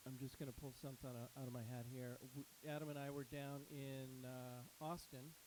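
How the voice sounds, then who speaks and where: A middle-aged man answering on a panel, measured and unhurried. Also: mid-range voice, level tone, background noise. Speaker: startup co-founder, guest.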